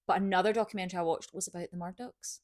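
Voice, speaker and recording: A young Scottish woman co-hosting a podcast, talking in an animated, chatty way and breaking into laughter. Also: fairly low pitch, racing. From Scotland. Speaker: podcast co-host. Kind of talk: casual chat.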